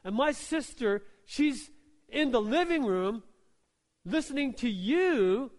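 A stressed woman stuck with all the chores pleads in a stammering, exasperated rush, as a male preacher acts her out. The voice sits noticeably higher than his usual talk and rings through a reverberant hall. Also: expressive, slow pace, full character voice. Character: flustered busy woman complaining from the kitchen.

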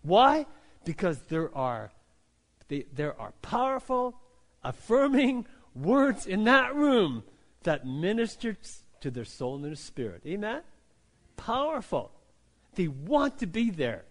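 A pastor delivering a sermon in a high, light voice. He talks to the congregation like a conversation, often tagging his points with a quick question and restarting phrases as he goes. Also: sing-song. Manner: conversational preaching, frequent "right?" and "you know" tags, repeated restarts.

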